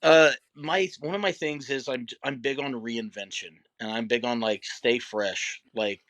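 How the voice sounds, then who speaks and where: A man's voice: mid-range voice, measured pace, fairly bright tone, no echo. A middle-aged man, a wrestler guest, talking candidly and reflectively in a casual interview, with many fillers.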